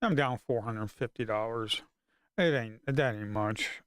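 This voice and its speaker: A man's voice: medium pitch, unhurried, clean tone, no echo, studio quality. A man live-streaming his futures trading, talking to himself in a casual, frustrated way and swearing under his breath.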